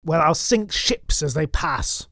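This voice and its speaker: A man voicing a sullen, defiant woman ghost with brutal fists, in his own fairly high voice. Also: animated, slow pace, creaky, bright, forceful tone, no room sound, studio quality, exaggerated voice.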